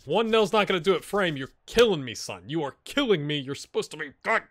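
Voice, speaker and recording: A man giving casual, animated commentary while playing a football management game, cheering on and talking to his players. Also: on the high side, fairly quick, no room sound, studio quality. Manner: animated, talks to his players, puts on silly voices.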